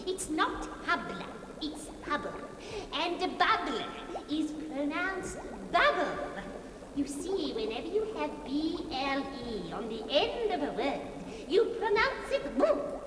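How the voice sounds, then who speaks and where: Woman playing Griselda, a shrill bossy witch. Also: big pitch swings, slow pace, roomy sound, big-room sound, noisy background, exaggerated voice. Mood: lecturing. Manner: shrill, cackling, theatrical scolding. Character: bossy scolding older female witch teacher. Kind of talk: children's educational TV sketch.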